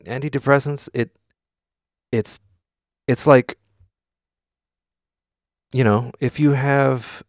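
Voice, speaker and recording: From his home studio, a music producer streamer with a fairly low, gravelly voice runs a casual live stream on a dry recording. He's open and unfiltered, swearing often while answering chat questions.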